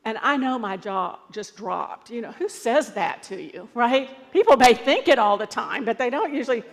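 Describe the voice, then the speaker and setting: Woman pastor, conversational sermon, slightly high voice, reverberant hall. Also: lively intonation, moderate pace. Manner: conversational storytelling preacher.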